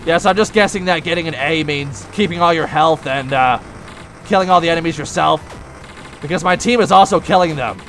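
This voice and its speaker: A young man giving casual gameplay commentary, breaking into frustrated, yelling outbursts at the game. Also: fairly high pitch, brisk, slight background noise. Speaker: let's play gamer.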